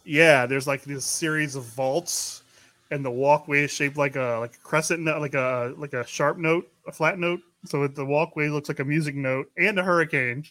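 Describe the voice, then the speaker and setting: A man's voice: on the high side, fairly even intonation, moderate pace, a bit bright, no echo. Chatty laughing man on a podcast. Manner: rambling, laughing storyteller with restarts. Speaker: podcast co-host. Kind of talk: casual chat.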